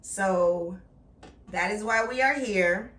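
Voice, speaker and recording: Middle-aged woman vlogger, playful and punchy, bright tone, roomy sound. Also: mid-range voice, slow pace, recorded from a distance. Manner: chatty, playful and emphatic. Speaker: beauty vlogger. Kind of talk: casual product review. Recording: echoey room, voice off-mic.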